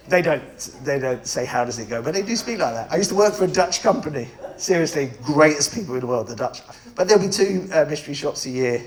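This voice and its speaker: A middle-aged man giving an energetic, blunt talk to members of his network, swearing casually and making chatty asides. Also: fairly high pitch. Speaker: estate agency network founder speaking to members. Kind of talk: conference talk.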